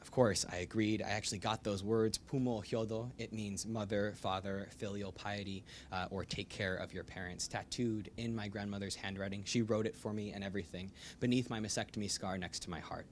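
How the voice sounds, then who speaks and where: A young American man, an author, telling a personal story to a live audience in a bookstore with lively, animated delivery. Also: on the low side, a little fast, few pauses, a little hiss or hum. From United States. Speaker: author giving a book talk. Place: bookstore event room.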